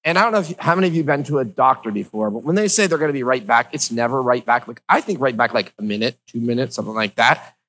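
A man's voice: medium pitch, lively intonation, quick pace, few pauses, a bit bright, rough recording. A man telling a personal story to his viewers in a casual, rambling way, with lots of fillers and wry asides.

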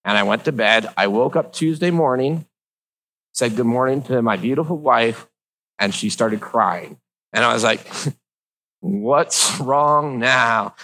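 A man's voice: mid-range voice, animated, unhurried, pauses often, a bit bright, poor audio. A middle-aged man with slightly slurred speech, telling a personal story in a casual, joking, rambling way.

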